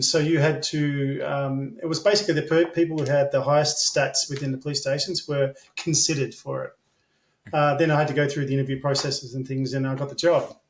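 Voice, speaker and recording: A man with an Australian accent, an interview guest telling stories at length, full of ums and blunt swearing. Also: medium pitch. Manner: rambling, filler-heavy, blunt and swearing. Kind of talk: casual storytelling. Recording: echoey room.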